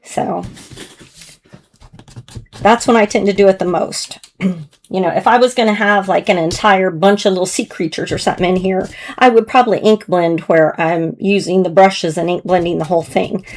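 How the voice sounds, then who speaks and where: A slightly hoarse woman chatting gently through a casual crafting tutorial as she works with her hands, now and then clearing her throat. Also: fairly low pitch, steady tone, normal speed. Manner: chatty, gentle, talks while working with hands. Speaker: card-making demonstrator.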